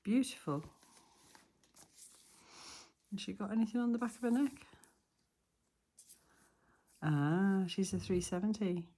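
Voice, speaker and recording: A woman's voice: mid-range voice, normal speed, mellow. A middle-aged woman chatting casually through a crafting vlog, gushing and sentimental as she unboxes and works. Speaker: dolls house hobby vlogger.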